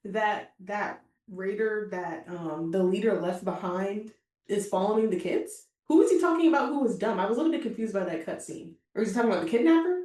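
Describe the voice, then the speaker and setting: A woman's voice: medium pitch, lively intonation, brisk, darkish tone, echoey room. A woman co-hosting a casual anime reaction chat, rambling along with many fillers and frequent laughs. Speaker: co-host.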